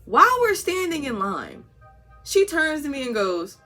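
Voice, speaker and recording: Young woman, vlog storyteller, bright voice, swings high and low in pitch, acts out every voice, faint music behind. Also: unhurried. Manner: animated storytelling, acting out voices. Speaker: vlogger.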